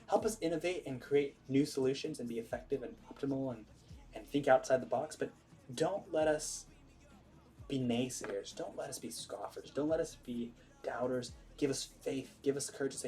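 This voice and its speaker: A man's voice: medium pitch, moderate pace, mellow, faint music behind. A man leading an earnest, emphatic prayer and then explaining it in informal preaching, with many restarts.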